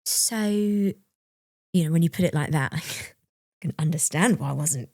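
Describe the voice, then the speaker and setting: A young woman co-hosting a podcast tells a personal story candidly and reflectively, laughing now and then as she recalls it. Her voice is deep and a little mellow, at a moderate pace. The sound is clean studio audio with no room sound.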